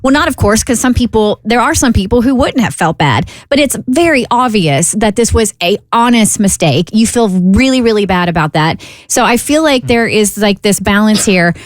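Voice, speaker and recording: Woman co-host, supportive and validating, mid-pitched, dry close mic. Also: animated, normal speed, few pauses, no room sound. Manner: reassuring, validating, talks it through. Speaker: radio show co-host. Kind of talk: casual chat.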